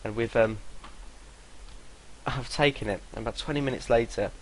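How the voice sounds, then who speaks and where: A man's voice: mid-range voice, normal speed, a little hiss or hum, low-quality recording. A young man telling a rambling story to camera, swearing freely and laughing between sentences. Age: young adult. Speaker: vlogger.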